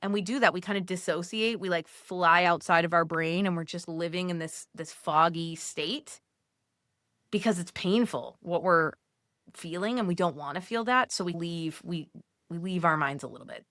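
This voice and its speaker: A woman with a lowish voice speaks at a moderate pace, recorded clean in a studio with no echo. She gently coaches Catholic mothers in casual teaching talk, walking them through steps conversationally and saying "like" often.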